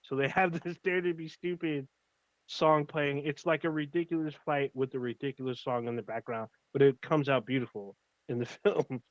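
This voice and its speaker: A man's voice: a little high, fairly even intonation, normal speed, no echo, dull audio. A man co-hosting a casual livestream chat, rambling and enthusiastic, swearing freely. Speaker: podcast co-host.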